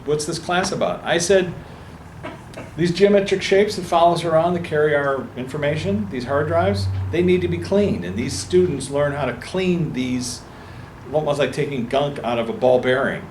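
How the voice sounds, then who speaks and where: A man's voice: a little high, normal speed, a little hiss or hum. A man telling a personal story to an audience at a book talk, acting out the voices of the people in it. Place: meeting room before an audience. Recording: echoey room with faint ambience.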